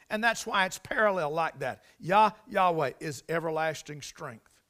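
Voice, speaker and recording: A man delivers a sermon conversationally, repeating and restarting phrases and swelling loudly on the key lines. His voice is fairly high and animated, at a moderate pace.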